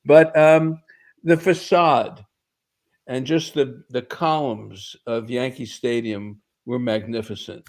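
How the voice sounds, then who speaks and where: A man's voice: medium pitch, steady tone, slow, a little mellow. A man on a sports radio show as a guest baseball analyst, reminiscing about ballparks in a nostalgic, fond way. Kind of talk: casual sports talk.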